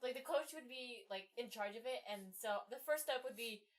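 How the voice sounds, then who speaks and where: A woman's voice: a little high, moderate pace. A young adult woman co-hosting a casual podcast chat, giggly and offhand, with some swearing. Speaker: podcast co-host.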